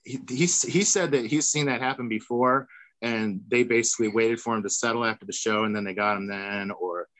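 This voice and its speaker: A former tour manager with a medium-pitched, fairly bright voice tells a long story over a video call, speaking fairly quickly. The recording is rough with no room sound, and he rambles casually while acting out the voices of the people involved.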